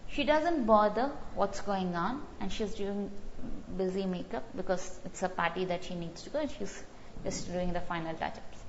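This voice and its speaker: A woman's voice: fairly low pitch, creaky, a little hiss or hum. A woman teaching an online test-prep class, repeating key words and explaining them through stories. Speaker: GRE vocabulary teacher. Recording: slightly dull lo-fi audio.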